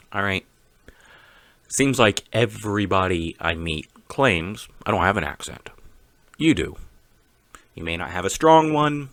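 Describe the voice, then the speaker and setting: A man with a Texas accent, giving a slow, deliberate and opinionated casual monologue to camera as a vlogger. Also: fairly low pitch, bright, forceful tone, dry recording.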